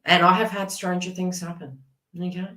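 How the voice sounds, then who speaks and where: Woman, chatty live tarot reader, lowish voice, off-mic in an echoey room. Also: moderate pace, far from the mic. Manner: chatty, animated, laughs often and talks to viewers in chat.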